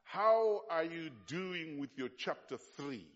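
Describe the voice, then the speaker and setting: A man preaches with raw passion in a slightly high voice. He sinks to hushed, slow stretches and then climbs to loud cries, restarting his phrases often. The sound is dull and lo-fi. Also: expressive. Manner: impassioned, swinging from hushed to loud; frequent restarts and fillers. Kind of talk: sermon.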